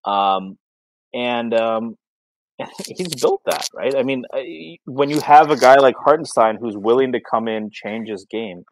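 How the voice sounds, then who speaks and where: A man's voice: mid-range voice, a little slow, dry recording, low-quality recording. A man co-hosting a podcast in casual sports chat, rambling with many fillers and restarts. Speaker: podcast co-host.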